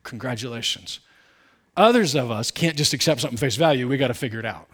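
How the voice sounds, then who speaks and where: A man preaching a sermon in a conversational, candid way, full of asides, who swings between loud emphatic bursts and quiet low asides. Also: fast talker, breathy edge. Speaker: pastor.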